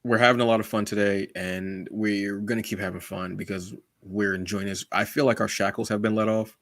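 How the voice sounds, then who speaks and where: Playful podcast co-host, low dry voice. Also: male voice, steady tone, fairly quick, fairly bright tone, no room sound. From United States. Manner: playful and joking, calls his co-host "brother", turns earnest. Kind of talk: casual podcast chat.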